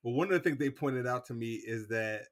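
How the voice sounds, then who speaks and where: A man co-hosting a podcast in casual chat, enthusiastic and quick to agree. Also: mid-range voice. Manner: enthusiastic, repeats yes. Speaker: podcast co-host.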